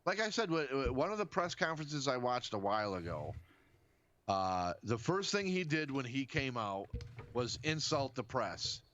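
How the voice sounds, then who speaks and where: A man co-hosting a casual podcast chat, talking in an animated, profane, rambling way full of restarts. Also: mid-range voice, moderate pace, dull audio. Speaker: podcast co-host.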